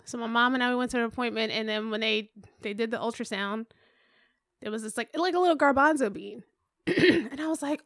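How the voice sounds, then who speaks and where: A woman in her thirties, a podcast co-host, telling a story in casual chat, animated and swearing freely as she acts out what others said. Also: fairly high pitch, a little fast, dry recording, clean studio sound. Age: 30s. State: pregnant.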